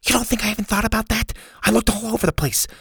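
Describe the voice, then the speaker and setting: A man playing a flustered, nerdy young boy at camp, voice raised above his own and rushed. A storybook kid voice, lively in tone, recorded dry and close. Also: high voice, creaky, husky, no room sound, pitched above the performer's own voice, heavily acted. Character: nervous young camp boy, dino nerd.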